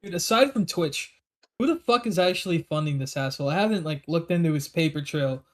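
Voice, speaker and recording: A man's voice: a little high, expressive, fairly quick, fairly bright tone. A man ranting crudely in casual chat on a stream, laughing often.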